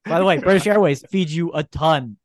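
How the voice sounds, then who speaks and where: A man's voice: a little high, fairly quick, dry recording, clean studio sound. A man co-hosting a casual podcast, telling stories in an easygoing way and laughing often. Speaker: podcast co-host.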